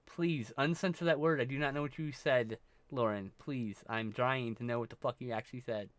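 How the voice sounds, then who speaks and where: A man's voice: mid-range voice, fairly even intonation, normal speed, dry recording. A man streaming live, talking to his chat in a rambling, scattered way with a lot of swearing, and he is stoned. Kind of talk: casual chat with chat.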